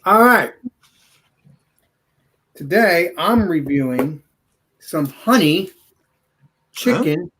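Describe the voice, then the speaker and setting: A man hosts a laid-back food and beer chat, his voice sitting a little higher than most. He rambles through his meal with easy laughs and plenty of fillers. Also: expressive, very slow, long pauses, fairly bright tone, a little hiss or hum. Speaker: host. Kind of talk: casual online food and beer show chat.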